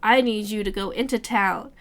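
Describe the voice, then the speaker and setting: At a normal pace and in a mid-range voice, a woman hosts a laid-back book club talk. She walks through the plot with animated retellings full of quotations and swearing.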